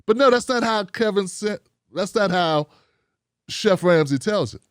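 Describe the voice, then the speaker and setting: A man hosting a commentary show, giving a blunt, animated opinion monologue full of rhetorical questions. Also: high voice, a little slow, smooth, dry recording, clean studio sound.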